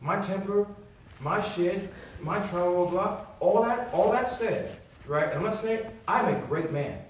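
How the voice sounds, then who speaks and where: A man holds forth in a heated private argument, emphatic and repeating his points. His voice sits somewhat high. The leaked recording catches him from a distance in a room full of echo. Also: measured pace, slight background noise. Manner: lecturing, emphatic, repeats himself. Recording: distant, very echoey leaked audio.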